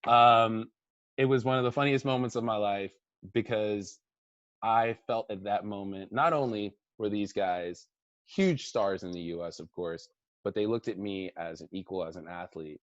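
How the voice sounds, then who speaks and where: A man in his thirties with a low voice tells a story to a young team, acting out what people said and sinking to a near-hush when he reflects. The sound is dry and a little muffled, as if from a plain lo-fi recording. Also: moderate pace, dry recording. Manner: lively storyteller, acts out quotes with shouts, drops to a hush for reflective parts. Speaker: Olympic swimmer giving a team talk. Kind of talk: animated storytelling speech.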